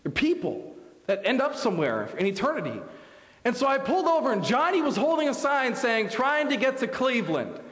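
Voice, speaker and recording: A young man from Canada preaches in a church sanctuary, his fairly high voice ringing through a roomy hall with a long reverb tail. He tells his story in a sermon, swinging between loud bursts and hushed near-whispers. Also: wildly swooping pitch, brisk.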